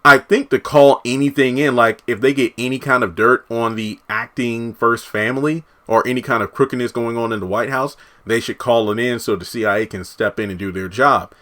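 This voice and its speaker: A man giving a casual, animated recap of a TV episode, full of asides and quoted lines. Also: mid-range voice, fairly quick, hardly any pauses. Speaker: TV show reviewer.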